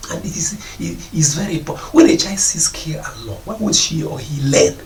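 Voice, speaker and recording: The talk targets parents, with the preacher scolding them about responsibility and imitating their excuses in mocking voices. His pitch is fairly high, his intonation lively and his pace brisk. Slight background noise joins a reverberant room and a faraway voice.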